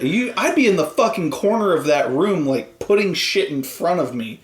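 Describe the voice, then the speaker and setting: Male podcast co-host, animated storyteller, curses freely, roomy echoey sound. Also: mid-range voice, normal speed, hardly any pauses, slight background noise. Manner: rambling, animated, swears a lot, acts out quoted voices. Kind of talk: casual chat. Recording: roomy echo.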